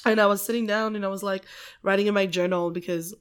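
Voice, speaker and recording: A woman in her twenties telling stories in a casual chat, animated and laughing a lot, in a small apartment. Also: medium pitch, quick pace, clear, resonant tone.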